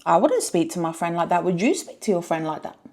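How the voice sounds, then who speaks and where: A woman's voice: on the low side, steady tone, fast, a little mellow. A woman reviewing a reality show, exasperated and firing rhetorical questions. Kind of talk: reaction review rant.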